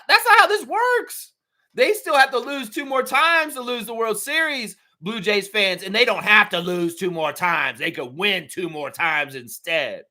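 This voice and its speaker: A man hosting a live fan show, ranting with lots of swearing and mocking impressions of other fans. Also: high voice. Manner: profane, animated ranting with mocking put-on voices. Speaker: sports podcast host.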